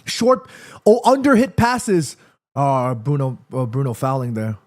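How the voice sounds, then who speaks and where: A man's voice: medium pitch, sing-song, unhurried. A man hosting a live football watchalong, chatting to viewers and reacting to the match as it happens. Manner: chatty, addresses viewers directly, reads chat aloud.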